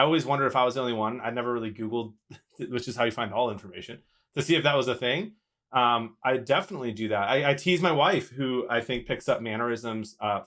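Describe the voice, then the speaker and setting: Quick-talking easygoing male co-host. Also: medium pitch, bright, forceful tone. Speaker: podcast co-host. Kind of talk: casual podcast chat.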